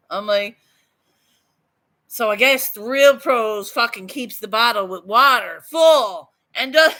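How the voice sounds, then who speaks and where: A woman with a Newfoundland accent chats with her viewers in an unhurried, drawn-out way. Her voice is bright and forceful, and she swears freely and laughs often. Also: a little high. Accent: Newfoundland English. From Newfoundland, Canada. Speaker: artist vlogger. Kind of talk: casual live chat to viewers.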